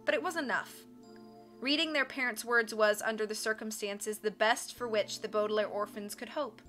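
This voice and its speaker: A woman reading a book aloud on a live stream, with expressive narration and casual asides to her chat. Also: fairly high pitch, normal speed, soft background music.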